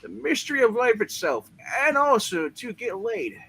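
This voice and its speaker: A man's voice: very high voice, very animated, moderate pace, gravelly, a bit bright, slightly rough, full character voice. A man voicing a brash young male scientist, boastful and crude, swearing as he tells his story, with faint noise behind.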